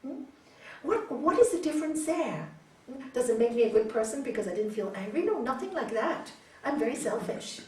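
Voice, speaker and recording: Speaking fairly quickly in a fairly high voice, a woman teaches raja yoga to listeners gathered in a hall. She tells stories with lively flair, performs the voices she quotes, and often asks "hmm?" to keep the audience with her. The recording picks her up from a distance in an echoey room.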